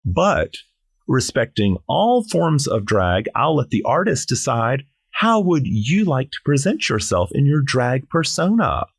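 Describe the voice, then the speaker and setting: A man's voice: mid-range voice, big pitch swings, measured pace, gravelly, husky, no echo, studio quality. A middle-aged man from South Carolina, a drag performer chatting on a podcast in a playful, theatrical, jokey way. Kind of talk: casual podcast chat.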